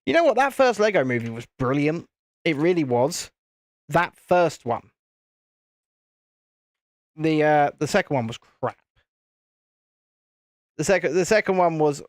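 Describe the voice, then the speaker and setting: A British man hosts a live stream and chats loosely while he builds. His voice sits fairly high for a man. The sound is dry and close, with almost no room around it. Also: sing-song, a little slow, long pauses, dry recording. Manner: chatty, rambling, reads viewer comments aloud. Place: home streaming setup with lights and cameras. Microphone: desk mic at a streaming setup.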